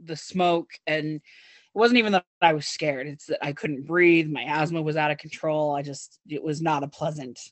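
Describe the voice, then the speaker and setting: A man from Utah talking in a casual chat, rambling and relaxed with fillers. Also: fairly high pitch, normal speed, no echo.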